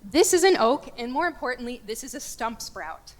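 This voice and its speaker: Lively woman lecturing in an echoey church. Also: a little high, normal speed. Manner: candid and lively, jokes with the audience. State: getting choked up. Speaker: guest speaker. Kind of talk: lecture talk. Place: large church.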